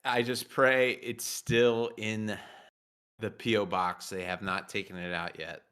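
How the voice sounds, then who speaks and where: A man's voice: on the low side, level tone, measured pace, a bit bright, clean tone. A man co-hosting a comedy talk show, answering briefly in a laid-back, casual way. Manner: laid-back, short replies. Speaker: co-host. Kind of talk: casual chat.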